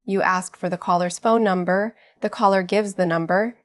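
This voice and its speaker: A woman giving scripted teaching narration for an English lesson, speaking slowly and clearly at an even pace. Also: mid-range voice. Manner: slow, clear, evenly paced delivery.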